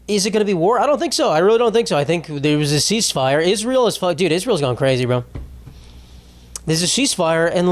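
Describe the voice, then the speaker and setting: A young adult man hosting a podcast, rambling in a crude, sarcastic comedic monologue. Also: a little high. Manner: crude, sarcastic, rambling with mocking put-on voices. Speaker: podcast host.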